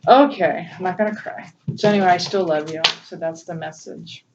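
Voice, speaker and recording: A gentle, emotional woman reads tarot cards in a casual, chatty way, her voice slightly low for a woman. She sounds set back from a dull, low-fi mic with a faint hiss behind her. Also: fairly quick, recorded from a distance. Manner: gentle, emotional, laughs often. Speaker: tarot reader. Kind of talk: casual spiritual tarot reading.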